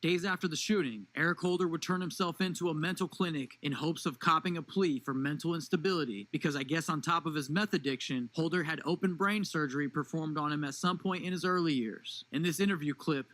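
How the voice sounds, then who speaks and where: A man's voice: fairly high pitch, brisk, few pauses, a bit bright, poor audio. A man giving scripted narration for his channel.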